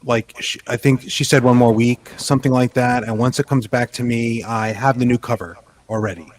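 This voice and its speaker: A man in his fifties hosts a loose podcast chat. His voice sits at an ordinary middle pitch, and he often stops and restarts his sentences as he talks. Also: steady tone. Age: 50s. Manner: halting, with frequent restarts and fillers. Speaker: podcast host and author. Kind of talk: casual chat.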